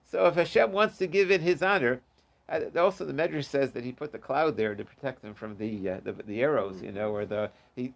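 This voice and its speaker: A man leads a relaxed Talmud class, reading each line of the text aloud and then unpacking it in English. His voice sits a bit high and has a gravelly edge. He talks in loose bursts full of fillers and restarts. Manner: reads Aramaic then explains in English, with many fillers and restarts. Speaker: Talmud teacher.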